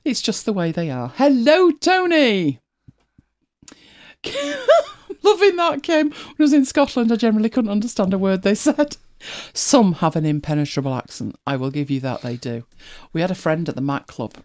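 Chatty woman with lively pitch. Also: moderate pace, no echo. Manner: chatty, laughs often, animated storytelling. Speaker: podcast co-host. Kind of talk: casual chat.

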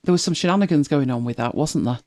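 Streamer, softened northern English accent, casual reaction chat, muses aloud, laughs often, mid pitch. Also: fast. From northern England.

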